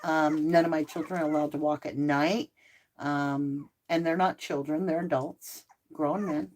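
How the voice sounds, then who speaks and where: A woman's voice: deep voice, fairly even intonation, measured pace, darkish tone. A middle-aged woman hosting a casual livestream, chatting and answering viewer comments. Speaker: livestream host.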